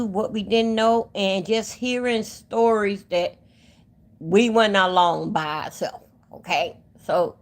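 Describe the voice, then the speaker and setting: Streaming casually from her phone, a woman with a medium-pitched, slightly mellow voice rambles and speaks directly to her viewers in chat.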